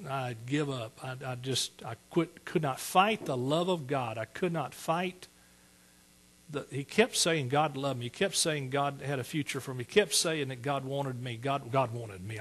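An older man with a husky voice preaching a sermon, telling his conversion story with earnest halting pauses and then building to fervent calls of hallelujah. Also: medium pitch, fairly bright tone. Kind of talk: sermon with personal testimony.

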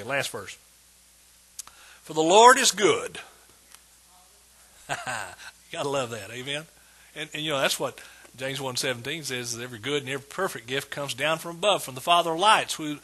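A pastor with a husky, bright-edged tenor delivers an emphatic sermon. He drives his points home word by word, his voice rising slightly above the usual male range as he builds toward praise. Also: fairly high pitch, fairly quick. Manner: emphatic preaching, repeats words with rising intensity.

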